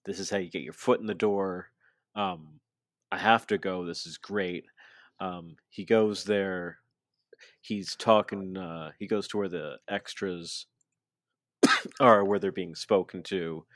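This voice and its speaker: A man's voice: low-pitched, dry recording, studio quality. A man co-hosting a podcast, casually recapping a wrestling segment and loosely acting out the quotes. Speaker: podcast co-host.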